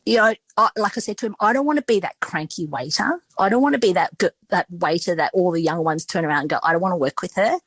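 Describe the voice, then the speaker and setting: A woman's voice: on the low side, lively intonation, fast talker, hardly any pauses, fairly bright tone, no echo, poor audio. A middle-aged woman with an Australian accent telling stories in a casual interview, chatty and full of restarts and quoted dialogue. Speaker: restaurateur and podcast guest.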